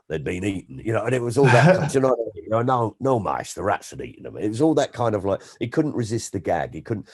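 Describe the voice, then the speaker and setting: Brief: male comedian guest, very deep voice, lively swooping delivery, anecdote-driven chat. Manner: animated storyteller, slips into impressions. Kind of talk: casual interview chat.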